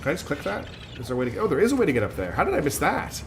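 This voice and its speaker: A man's voice: fairly high pitch, huge pitch swings, very fast, slight background noise. Chatty self-mocking male game streamer. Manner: chatty, self-mocking, laughs at own accents. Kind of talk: casual gaming commentary. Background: faint game music.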